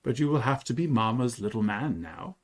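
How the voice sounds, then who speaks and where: A man reading aloud as a gentle, weary mother, tender and sighing as she talks to her little boy. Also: medium pitch, animated, a little fast, lightly acted.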